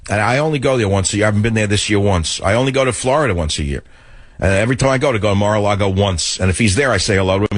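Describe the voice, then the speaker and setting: A man's voice: fairly low pitch, no room sound. Older New man, combative radio host. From the Bronx, New York. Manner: rambling, combative, sarcastic. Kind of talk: talk radio monologue.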